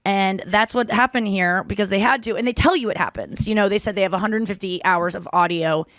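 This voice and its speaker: A woman's voice: mid-range voice, fairly quick, fairly bright tone, no echo, studio quality. A woman in her thirties hosting a podcast, chatting casually in a rambling, profane way. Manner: chatty, rambling, swears freely. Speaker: podcast host. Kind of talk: casual chat.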